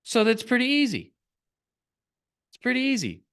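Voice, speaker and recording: A man's voice: very high voice, huge pitch swings, normal speed, vocal fry, a bit bright, smooth. A middle-aged man coaching on online business in a blunt, rambling, casual motivational talk, often breaking into laughs.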